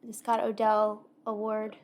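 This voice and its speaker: A woman co-hosting a book podcast in a casual chat, eager and chatty, often cutting in with quick agreement. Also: mid-range voice, monotone. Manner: enthusiastic, chimes in with short backchannels. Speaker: podcast co-host.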